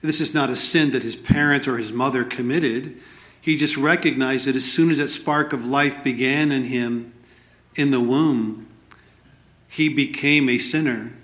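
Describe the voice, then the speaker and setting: A man's voice: mid-range voice, fairly even intonation, unhurried, a bit bright, roomy sound. A man preaching a sermon, earnest and explanatory, reading scripture aloud between his own comments.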